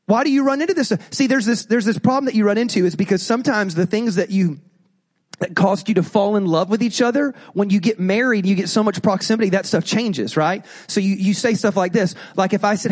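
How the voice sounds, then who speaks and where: High-voiced male pastor preaching. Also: fairly quick. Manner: animated, acts out quoted voices. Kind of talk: sermon.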